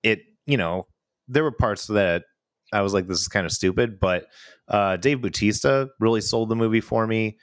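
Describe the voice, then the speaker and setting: A man with a Chicago accent talks in a dry, close way, his voice sitting low. He rambles, stalls on words, and laughs easily as he co-hosts a casual podcast chat. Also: moderate pace, clear, resonant tone, no room sound. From Illinois–Wisconsin border, US. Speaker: podcast co-host.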